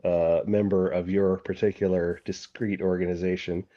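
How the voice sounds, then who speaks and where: A man narrating as game master of a tabletop role-playing game, halting and full of restarts. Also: deep voice, little pitch movement, no echo, highs cut off. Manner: halting, many fillers and restarts.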